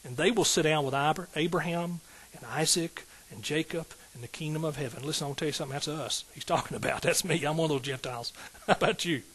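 Emphatic pastor preaching. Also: male voice, fairly high pitch, quick pace, hardly any pauses, fairly bright tone, husky, poor audio. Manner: emphatic, call-and-response preaching with rising outbursts. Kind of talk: sermon.

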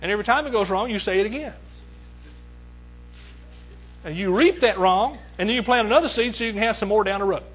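A man's voice: sits high, rapid-fire, a bit bright, rough recording. A middle-aged man preaching a sermon, emphatic, repeating his phrases and calling out to the congregation.

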